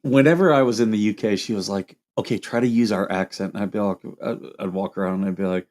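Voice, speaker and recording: A man's voice: on the low side, fast talker, few pauses, a little mellow. A man hosting a casual livestream, reading viewer questions aloud and answering them in a loose, rambling way.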